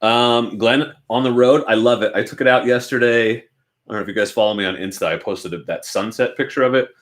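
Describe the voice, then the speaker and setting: A man's voice: mid-range voice, a little fast. A young adult man from Oregon, chatting casually and self-deprecatingly as a motorcycle channel host, answering viewers from his home garage. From Oregon, United States.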